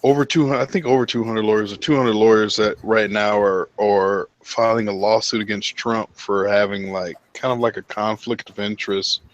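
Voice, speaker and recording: A man talking casually in a group chat, animated and full of swearing, calling everyone dude. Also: lowish voice, moderate pace, hardly any pauses, muffled recording. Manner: animated, heavy swearing, says dude a lot. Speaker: podcast host.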